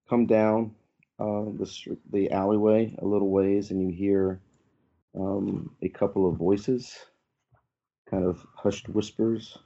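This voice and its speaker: A man running a tabletop game as game master, narrating in a relaxed, halting way. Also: deep voice. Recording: muffled lo-fi audio.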